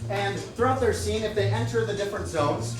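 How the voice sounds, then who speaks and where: Chatty comedy club host guy, far from the mic, loud music behind. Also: sits high, fairly quick, echoey room. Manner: upbeat, chatty. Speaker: improv show host. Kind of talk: live comedy hosting.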